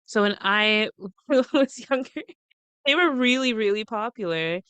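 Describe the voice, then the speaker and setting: A middle-aged woman co-hosts a gossip podcast in a smooth, clear voice on a dry close mic. She is wry, laughs easily and swears freely. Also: a little high, expressive, measured pace, sharp tone, no echo. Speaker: podcast co-host. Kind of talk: casual gossip chat.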